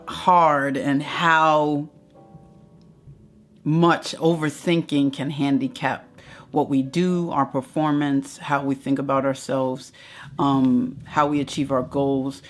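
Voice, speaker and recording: Female motivational host, unhurried, affectionate and excitable, light music underneath. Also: low voice. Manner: effusive, affectionate, repeats herself, giggles often; excitable, shrieks during countdowns. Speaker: motivational speaker and channel host. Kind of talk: live-stream motivational talk, chatting with viewers.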